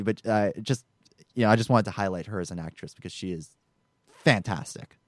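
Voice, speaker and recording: A man chatting as a podcast guest, enthusiastic and expressive as he talks about actors. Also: fairly low pitch, brisk, no echo, studio quality. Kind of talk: casual podcast chat.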